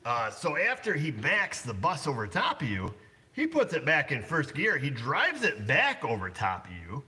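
A man's voice: fairly high pitch, wildly swooping pitch, moderate pace, bright, forceful tone. Blunt rambling man in a garage. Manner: blunt, rambling, lots of fillers. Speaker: auto shop owner. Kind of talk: casual livestream chat. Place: auto repair shop.

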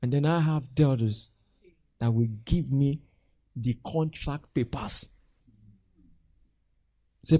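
Preaching a sermon, a Nigerian man in his role as pastor imitates church members' voices and laughs, keeping the delivery animated. His mid-range voice is slow with long pauses, his accent Nigerian English, and the recording dry.

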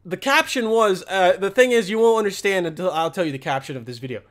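A man's voice: sits high, quick pace, a bit bright. A man giving a sarcastic, profane reaction commentary, often tacking "okay?" onto his sentences. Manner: repeats "okay?" and "all right?" often. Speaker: commentary vlogger.

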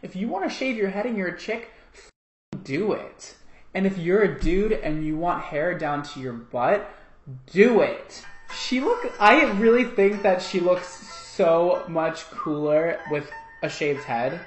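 A man who works as a hairdresser, chatting and reacting to videos in an animated, gushing way. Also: high-pitched. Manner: animated and gushing, quick laughs. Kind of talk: casual reaction commentary. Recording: echoey room with music underneath.

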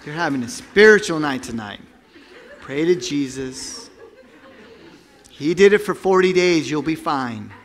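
A man pastor preaching a sermon, telling the story with acted-out voices and sound effects, swinging between loud bursts and hushed tones. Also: on the high side, animated, a little slow, long pauses, a faint crowd, slight background noise.

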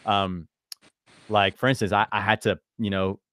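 Low-voiced laid-back brand coach, dry sound. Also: male voice, level tone, normal speed, a bit bright, no room sound. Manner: laid-back, encouraging, calls people "bro" and "man". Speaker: brand and content coach, host. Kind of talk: casual coaching conversation.

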